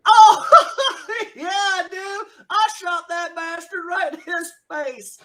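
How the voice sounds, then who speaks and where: A man's voice: very high voice, steady tone, slow pace, noisy background, voice pushed up. A man voicing a swaggering, bullying outlaw gunslinger in a tabletop game, in a taunting, boastful drawl.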